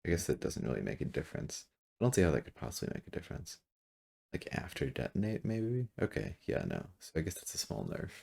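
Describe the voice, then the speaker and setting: Very deep gravelly man musing over a game. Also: wildly swooping pitch, darkish tone. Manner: musing, self-correcting, halting with fillers. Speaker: gameplay commentator. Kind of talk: casual game commentary. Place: room at a computer. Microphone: desk mic, sitting back from it.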